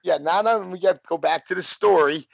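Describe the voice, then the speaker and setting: Gravelly guy in his 50s rambling through old stories, lotta "you know", dull dry lo-fi audio. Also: high voice, a little fast, fairly bright tone, no echo. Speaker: guest, former pro wrestler. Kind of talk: casual storytelling interview.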